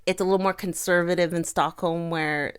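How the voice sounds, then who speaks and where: A woman's voice: fairly low pitch, fairly even intonation, brisk, smooth. A woman co-hosting a casual chat, talking in long rambling runs. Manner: chatty, rambling with fillers. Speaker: co-host.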